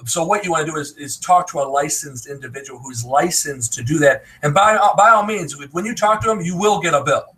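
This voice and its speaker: A man's voice: fairly high pitch, brisk, few pauses, pushed and bright, poor audio. An American man in a live video call, giving emphatic, laughing advice in casual chat. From United States. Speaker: online business promoter.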